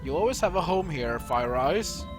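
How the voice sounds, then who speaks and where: Man voicing a fatherly old chieftain, calm, lowered voice, game-dialogue reading. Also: normal speed, over music, natural voice. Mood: tender.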